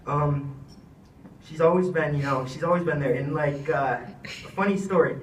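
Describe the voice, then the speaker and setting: A man's voice: a little high, moderate pace, recorded from a distance, slight background noise. Young man, earnest farewell speech, rambling, fillers; off-mic in an echoey room. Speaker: retiring wrestler giving a thank-you speech. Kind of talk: heartfelt speech.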